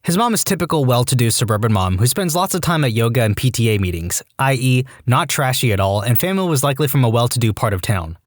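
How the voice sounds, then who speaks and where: A man narrates reader-submitted stories with a deadpan comic touch. His pitch moves around a lot as he reads. The recording is close and dry, with no room sound. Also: quick pace, few pauses, no echo. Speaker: story narrator. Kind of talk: reading online stories aloud.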